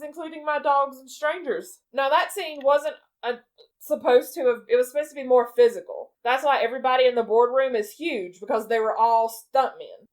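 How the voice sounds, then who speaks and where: A woman co-hosting a podcast, chatting casually as she retells a film in a lively way and laughs often. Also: on the high side. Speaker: podcast co-host. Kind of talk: casual chat recapping a film.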